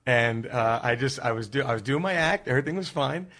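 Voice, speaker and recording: A man, a comedian guest, telling road stories with lively acted-out quotes. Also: medium pitch, fairly quick. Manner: animated storyteller who acts out quotes. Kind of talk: storytelling in casual chat.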